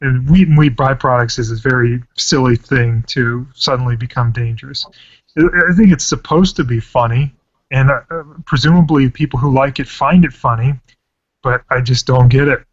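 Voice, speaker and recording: A man vents on a podcast panel in a heated, ranting way, swearing as he goes. His voice sits at an ordinary pitch. The recording is dry and dull, with a lo-fi sound. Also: normal speed, no room sound. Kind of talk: casual chat.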